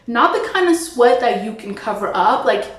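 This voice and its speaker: A young adult woman from Toronto, telling an acting story in a chatty, expressive way, with lots of "like.". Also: a little high, normal speed, roomy sound, poor audio. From Toronto, Canada. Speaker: actress. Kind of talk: storytime vlog.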